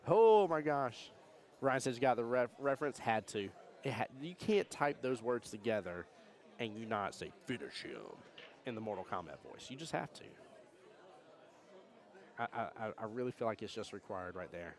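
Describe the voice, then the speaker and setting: Man, live pool commentary, jokey and excitable, reads chat aloud. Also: mid-range voice, normal speed, a faint crowd. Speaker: pool match commentator and streamer. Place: pool hall during a tournament.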